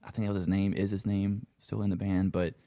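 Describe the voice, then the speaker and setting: A man's voice: low-pitched, flat delivery, fast, warm tone, no echo, clean studio sound. A man from Louisiana with a Cajun accent, talking in a laid-back, rambling way and swearing freely in a casual conversation. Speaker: podcast guest.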